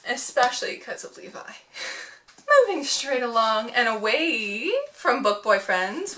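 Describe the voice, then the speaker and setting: A woman's voice: a little high, pushed and bright, distant mic. A young woman book vlogger chatting casually, gushing and giggly, with lots of "like" fillers. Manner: gushing and giggly, heavy use of "like". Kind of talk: casual chat.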